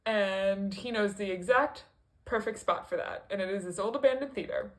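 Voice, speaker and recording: A woman vlogger rambles through a casual review at a middling pitch. She fills her talk with ums and likes, restarts her sentences and drops amused asides along the way. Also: normal speed. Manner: rambling and chatty, with frequent fillers and self-corrections. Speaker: video creator. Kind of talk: casual musical review vlog.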